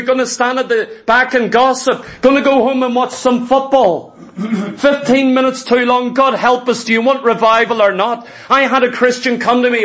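A man's voice: very high-pitched, a bit bright. A man preaching a sermon as pastor, emphatic and conversational, full of rhetorical questions.

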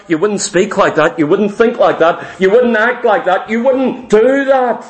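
A man's voice: very high voice, unhurried. A man preaching a morning sermon to his congregation, hammering points through repetition and rhetorical questions. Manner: emphatic, repeats lines and fires rhetorical questions at the congregation. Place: church service in the morning.

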